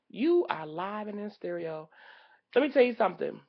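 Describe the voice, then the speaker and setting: Sassy woman ranting, lively pitch. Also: normal speed, gravelly, dull audio. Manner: sassy, exaggerated and loudly exasperated. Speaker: vlogger reviewing a karaoke night. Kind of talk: comedic rant.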